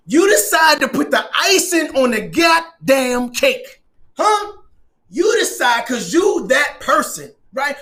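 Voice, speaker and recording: A man performing an animated comedic monologue, shouting and preaching his story with laughing asides. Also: extremely high pitch.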